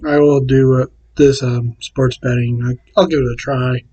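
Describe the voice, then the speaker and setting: A man casually talking to camera and reading out his picks in a plain, repetitive way with halting restarts. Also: mid-range voice, flat delivery, dark tone, muffled recording. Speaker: vlogger.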